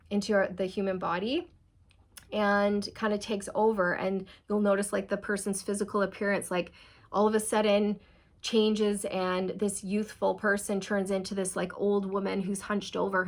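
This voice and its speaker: A woman's voice: medium pitch, fairly bright tone. A young woman talking through a tarot reading in a casual, earnest way, speaking straight to her viewers. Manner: chatty, earnest, addresses viewers as "you guys". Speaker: tarot reader.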